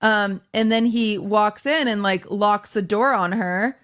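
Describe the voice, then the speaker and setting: A woman's voice: medium pitch, a little slow. A woman hosting a podcast in casual chat, telling stories with animation and acting out the quotes. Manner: animated storyteller, acts out quotes. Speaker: streamer and podcast host.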